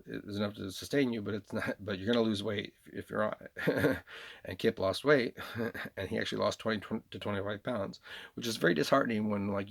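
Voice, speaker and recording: A man speaks with a New York accent in a low, gravelly voice. He rambles through a long monologue to people who are not there. He circles back and repeats phrases often. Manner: rambling and repetitive, with frequent restarts and laughs. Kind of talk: rambling spoken monologue addressed to absent listeners.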